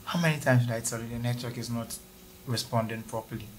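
A man's voice: mid-range voice, steady tone, fast, natural voice, poor audio. A man playing a rude, arrogant bank officer who talks down to a customer. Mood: irritated. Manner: scornful, bossy, dismissive. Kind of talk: short film acting.

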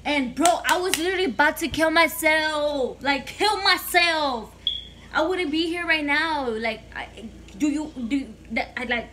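Bright-voiced young woman telling a story. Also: high voice, unhurried, slight background noise. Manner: chatty, swearing, mixes in Spanish phrases. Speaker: vlogger. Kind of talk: casual storytime monologue.

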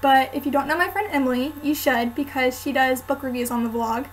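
A woman's voice: sits high, fairly even intonation, a little fast, slight background noise, rough recording. A young woman vlogger chatting casually to camera, telling a story with lots of "um" and "like". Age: student.

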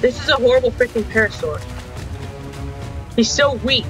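A young gaming channel host comments on his gameplay over music, frustrated and complaining with frequent mild swearing. His very high-pitched voice is animated and moves at normal speed.

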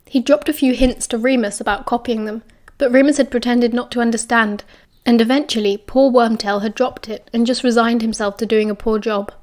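A woman narrating a fan fiction audiobook in a measured, expressive reading style. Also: fairly high pitch. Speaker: audiobook reader.

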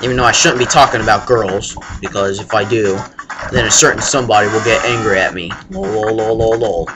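Rambling young man over loud game music. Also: fairly low pitch, steady tone, fast. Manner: rambling, crude jokes, sudden yelps. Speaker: let's play gamer. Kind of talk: casual game commentary. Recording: game music playing loudly behind.

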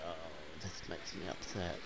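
A man giving rambling, joking commentary over his gameplay, swearing often and jumping between loud bursts and mumbled asides, wired on caffeine. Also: normal speed, noisy background.

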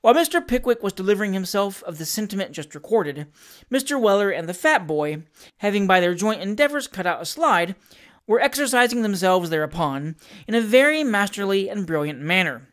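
A narrator reading a classic novel aloud, measured and expressive. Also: medium pitch.

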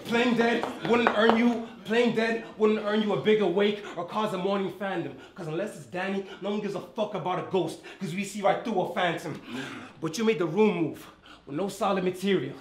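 Man, American accent, rap battle verses, taunting, high voice, roomy echo. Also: fairly quick. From Ireland. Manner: taunting, boastful, rhythmic punchline delivery. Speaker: battle rapper. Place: indoor battle venue.

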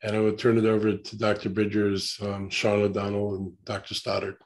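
A man with a hoarse, gravelly voice, giving a measured public statement as a county executive over a video call, with frequent ums. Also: on the low side, completely flat delivery.

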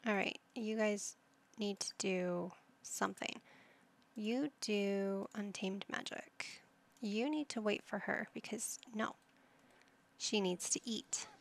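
Slow, gravelly-voiced woman gamer. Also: mid-range voice, fairly even intonation. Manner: playful, silly made-up words, motherly coaxing. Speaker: gaming video host. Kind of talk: casual let's-play commentary.

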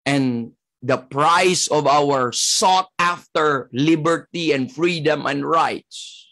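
A man's voice: a little high, slow, sharp tone. A man with a Filipino accent preaching a sermon as pastor, emphatic and repetitive, breaking up his points with "Amen.".

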